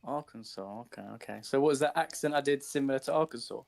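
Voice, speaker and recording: British guy, bit gravelly, chill chatty vibe. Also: medium pitch, quick pace. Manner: relaxed, chatty, a little profane. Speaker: guest in voice chat. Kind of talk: casual voice chat.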